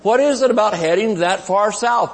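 Lively high-voiced preacher in a reverberant church. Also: male voice, moderate pace. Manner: humorous, lively preaching with laughs and shouted lines. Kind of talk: live conference sermon. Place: large church sanctuary. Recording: live sermon with long hall reverb.

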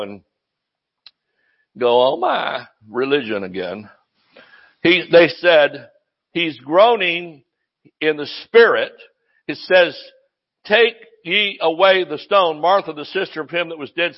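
Guy preaching, reads verses then chimes in w/ his own remarks, voice a bit high, dull muffled audio. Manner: reads scripture aloud and breaks in with comments and laughs. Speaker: pastor. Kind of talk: sermon.

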